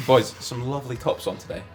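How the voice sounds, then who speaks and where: A man's voice: medium pitch, normal speed. A Scottish man hosting a football podcast in a pub, leading the chat and joking with his mates. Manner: jokey, leads the talk. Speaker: podcast host. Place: pub, indoors.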